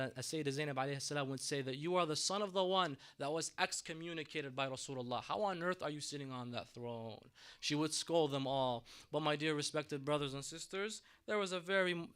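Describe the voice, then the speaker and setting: Bright, clear-voiced man preaching. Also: on the high side. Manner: dramatic retelling, swings between hushed and raised delivery. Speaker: mosque lecturer. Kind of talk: Muharram sermon storytelling. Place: mosque.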